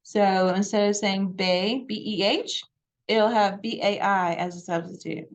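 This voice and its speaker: A woman's voice: mid-range voice, fairly even intonation, measured pace. A woman presenting on genealogy at a library, in a chatty, digressive way with many fillers.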